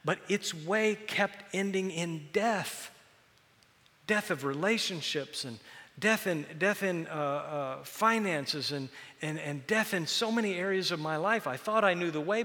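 A man preaching a sermon to a congregation, animated and joking as he tells stories. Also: sits high, moderate pace, big-room sound. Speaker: pastor.

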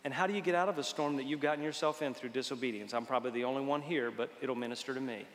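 A man preaching a sermon as pastor, impassioned and dramatic, swinging from loud fervent peaks to hushed, intimate passages. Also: mid-range voice, very fast, a little hiss or hum. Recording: church hall reverb.

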